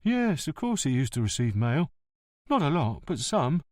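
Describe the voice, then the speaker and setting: A man's voice: a little high, sing-song, moderate pace, a little mellow, no echo. A male narrator voices a humble, chatty postman in an audiobook. The voice is plain and eager and moves up and down a lot. It is recorded dry and close. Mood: helpful.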